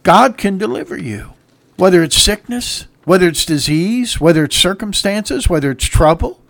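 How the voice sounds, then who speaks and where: A man preaching a sermon with emphatic delivery, swinging from quiet passages to loud shouts, and breaking into sung hymn lines. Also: on the high side, very animated, a little slow, no room sound.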